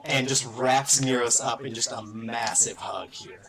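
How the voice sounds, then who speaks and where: A man's voice: mid-range voice, a little slow, crowd noise. A man running a tabletop game as game master, narrating loosely with lots of fillers.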